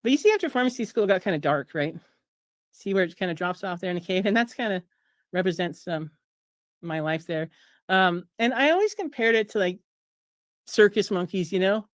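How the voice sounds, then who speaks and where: A woman's voice: lively intonation, a little fast, dry recording, clean studio sound. A woman in her fifties, a pharmacist and author, talking casually through her slides on a video call and mocking the system in a sarcastic tone. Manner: chatty, sarcastic, acts out quoted voices in a higher pitch. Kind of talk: casual presentation over slides at a streamed fundraiser.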